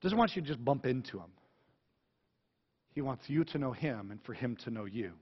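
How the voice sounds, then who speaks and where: Guy preaching, chatty and jokey, kinda high voice, echoey church sound. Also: fairly quick. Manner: animated, conversational, jokey preaching. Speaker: pastor. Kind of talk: sermon. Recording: echoey hall, dull sound.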